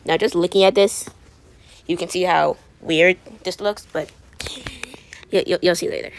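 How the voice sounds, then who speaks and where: A woman with a low, gravelly voice and plenty of vocal fry, chatting casually as she colors. She rambles and sounds sassy, tripping over her words and starting sentences again. A faint hiss sits under her voice. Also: fairly even intonation, normal speed. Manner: rambling and sassy, with frequent stumbles and restarts. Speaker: video creator. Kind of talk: chatty commentary while coloring.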